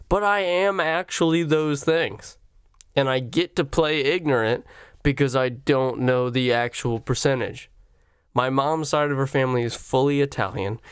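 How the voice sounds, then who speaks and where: Smooth-voiced man on a swearing rant. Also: a bit bright, no room sound, studio quality. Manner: swearing, rambling, pitch jumping up when worked up. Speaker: vlogger. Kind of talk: profane comedic rant.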